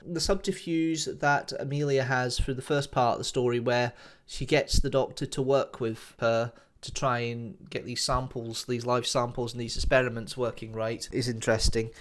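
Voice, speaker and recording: A man of middle pitch talks through his thoughts on an audio drama in a loose, casual way. He is chatty and enthusiastic, often circling back to the same friendly phrases. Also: steady tone, normal speed. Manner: chatty, enthusiastic, repeats "nice little" and "interesting". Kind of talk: casual spoken review.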